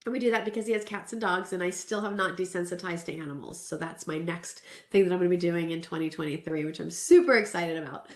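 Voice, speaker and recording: A woman in her forties from Southern California, giving a self-care talk in a candid, earnest, conversational way, sharing a personal story with restarts. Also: fairly low pitch. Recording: roomy echo.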